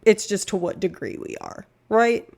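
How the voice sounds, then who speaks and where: A woman's voice: mid-range voice, normal speed, vocal fry, darkish tone. A woman streaming live from home, talking casually with lots of fillers, tangents and swearing.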